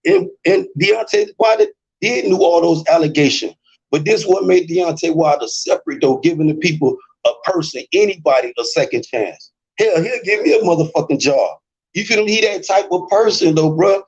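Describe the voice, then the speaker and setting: A man's voice: fairly high pitch, moderate pace, a little mellow, slightly rough. A man with a Memphis accent talking in a rambling, laid-back way during a casual debate. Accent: Memphis, Southern US. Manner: rambling, laid-back, fillers like you know what I'm saying. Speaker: co-host, debate guest. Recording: muffled lo-fi audio.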